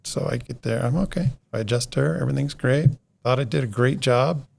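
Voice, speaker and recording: A man's voice: medium pitch, steady tone, a little fast, gravelly, a little mellow. A middle-aged man, a podcast guest, telling a long story in casual conversation, rambling along and acting out what everyone said. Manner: rambling, re-enacts conversations by quoting others.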